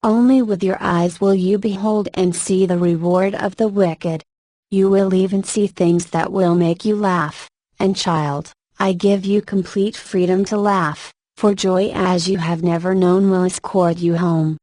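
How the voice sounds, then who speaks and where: A woman reading prophetic religious messages aloud in a slow, measured, even devotional manner. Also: fairly low pitch, dry recording.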